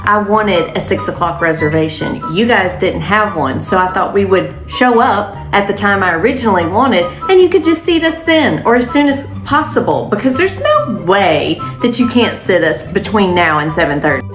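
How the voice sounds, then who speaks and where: A woman's voice: mid-range voice, lively intonation, normal speed, hardly any pauses, pitched below the performer's own voice, close to an everyday voice. A woman voicing a self-important guest demanding a table early, whiny in tone. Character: entitled woman guest with a big party. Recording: roomy echo with music.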